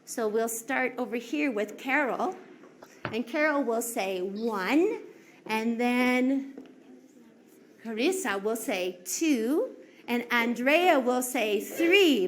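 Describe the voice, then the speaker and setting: Slow sing-song woman teacher. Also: fairly high pitch, lively intonation, a bit bright. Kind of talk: classroom instruction. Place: classroom.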